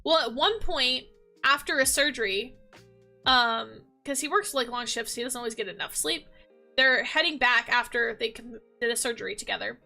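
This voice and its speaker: A woman's voice: a little high, animated, normal speed, creaky, sharp tone, faint music behind. A woman chatting casually as a gaming vlogger, gushing and rambling with lots of fillers. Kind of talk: casual chat.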